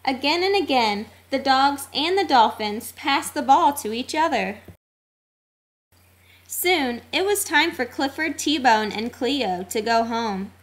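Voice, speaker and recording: A woman reading a children's storybook aloud, expressive and sing-song. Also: high-pitched, slow. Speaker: narrator.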